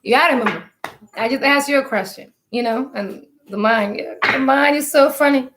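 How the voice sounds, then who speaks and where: A woman's voice: high voice, normal speed, background noise. A woman giving a spiritual talk to online followers. She speaks emphatically, piles up rhetorical questions and calls on listeners to answer.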